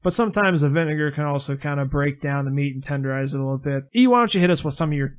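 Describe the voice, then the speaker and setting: A man's voice: on the high side, racing. A man co-hosting a casual podcast, leading the talk and reading reviews aloud. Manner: leads the talk, reads reviews aloud, laughs often. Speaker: podcast co-host.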